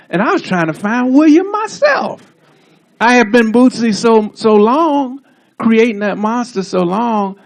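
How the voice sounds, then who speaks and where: A man with a gravelly, somewhat high voice tells a long, laid-back story to a crowd outdoors. He drawls along with plenty of asides. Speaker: honoree giving a speech. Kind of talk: casual storytelling speech. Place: outdoor street ceremony.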